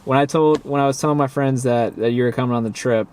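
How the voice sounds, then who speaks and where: Male vlog host, relaxed and chatty, mid pitch, faint background sound. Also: fast talker, a little hiss or hum. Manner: relaxed, chatty, addresses viewers. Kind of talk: casual vlog narration. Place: outdoors on a day trip.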